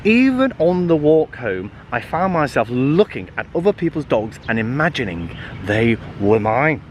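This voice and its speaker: A man reading a children's book aloud in a lively, playful way, adding little asides and the odd slip. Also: mid-range voice, normal speed, a little hiss or hum. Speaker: storybook reader.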